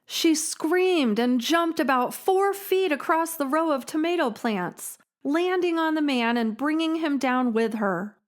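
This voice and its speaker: Woman narrating a dark story. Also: sits high, animated. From Illinois, USA. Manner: measured, dramatic storytelling. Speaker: podcast host and storyteller. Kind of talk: scripted narration.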